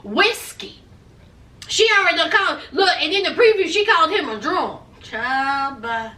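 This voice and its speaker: Sassy high-voiced woman recapping TV. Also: lively intonation, normal speed, sharp tone, roomy sound, far from the mic. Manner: sassy, dramatic, folksy slang. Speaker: reality TV recap vlogger.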